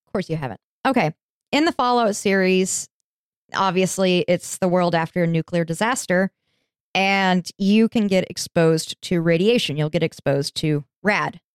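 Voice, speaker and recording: A woman's voice: fairly low pitch, moderate pace, clean tone, dry recording, studio quality. A woman hosting a podcast, telling a history story in a chatty, informal way and swearing casually. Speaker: podcast host.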